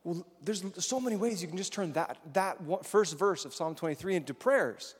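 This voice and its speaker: A man's voice: high-pitched, lively intonation, fairly quick, breathy edge. A man giving a casual sermon to a congregation, chatty and questioning the audience. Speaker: preacher. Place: large hall with congregation. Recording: long echoing hall reverb.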